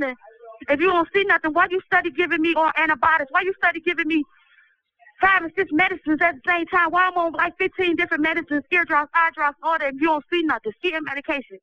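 A sick man with a swollen throat, giving a pleading, halting commentary from prison over the phone. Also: very high voice, pushed and bright. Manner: pleading, distressed, halting restarts. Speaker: incarcerated person giving a recorded commentary. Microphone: telephone. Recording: muffled, dry prison phone line.

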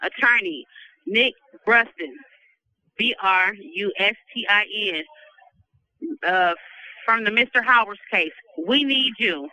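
A woman's voice: mid-range voice, sharp tone, no echo. A nervous woman, calling from prison over a tinny phone line and urgently pleading for help. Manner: urgent, pleading, repeats appeals. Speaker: incarcerated caller. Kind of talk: recorded phone appeal.

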